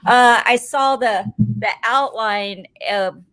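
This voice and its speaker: Slow-talking tearful woman. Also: fairly high pitch, fairly bright tone, clear, resonant tone. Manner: emotional, rambling storytelling. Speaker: podcast guest. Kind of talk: casual chat. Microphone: desk microphone.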